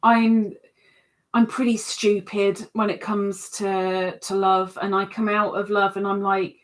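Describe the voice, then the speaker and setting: A woman hosts a casual livestream from her home computer, reading out viewers' comments and chatting along. She talks at an unhurried, slow pace and makes fun of herself as she goes. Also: medium pitch, level tone. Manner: chatty and self-mocking, reads out comments. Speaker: livestream host.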